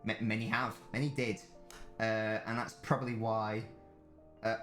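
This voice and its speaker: A man's voice: on the low side, normal speed, music in the background. A young man chatting casually on a live stream, joking and reading out viewers' messages. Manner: chatty, jokey, reads chat aloud.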